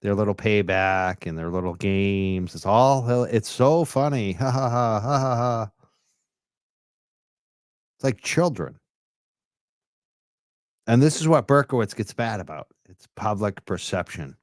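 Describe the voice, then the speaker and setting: A man's voice: on the low side, unhurried, long pauses, smooth, dry recording, studio quality. A man giving mocking, sarcastic commentary. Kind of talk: commentary narration.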